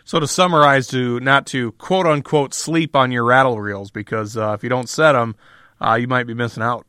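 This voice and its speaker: A man's voice: mid-range voice, moderate pace, sharp tone, no echo, studio quality. A man hosting a radio outdoors show, friendly and summarizing, reading plugs for his guests.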